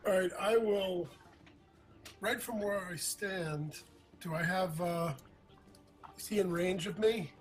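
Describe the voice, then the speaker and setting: A brash man with a high voice plays his character at a tabletop game, blunt and swearing. Faint music plays behind him. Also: slow pace, pauses often. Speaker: player. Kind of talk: casual tabletop play.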